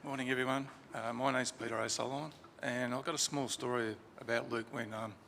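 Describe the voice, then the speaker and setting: A man's voice: mid-range voice, fairly even intonation, a little fast, creaky, bright, forceful tone, slight background noise. A man telling a chatty, informal story about a friend at a funeral in a crematorium chapel, with fillers and restarts. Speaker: funeral eulogy speaker. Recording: reverberant chapel, faint ambience.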